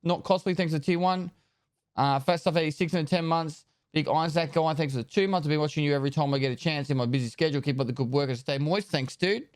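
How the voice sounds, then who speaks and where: A man streaming live, casually chatting and rattling off viewer names and thanks in quick bursts, loose and joking with the odd swear, into a close desk microphone. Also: a little high, no room sound. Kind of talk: casual live-stream chat, reading out subscriber thank-yous.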